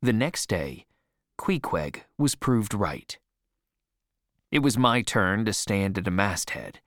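A man narrating an adventure story as a scripted audiobook, expressive and measured. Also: on the low side, dry recording, clean studio sound.

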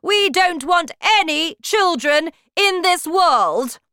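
A woman voicing a cruel, bossy female witch leader who shouts her orders with scorn, in a storybook reading. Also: extremely high pitch, animated, slow, dry recording, studio quality, pitched above the performer's own voice, heavily acted. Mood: scornful, commanding. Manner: shouting, commanding, contemptuous.

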